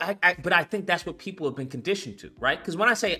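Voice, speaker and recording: A young man hosting his channel, ranting casually about marketing and hype, profane and animated, mocking people with put-on quotes. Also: high voice, fast talker, few pauses, soft background music. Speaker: channel host. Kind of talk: casual commentary monologue.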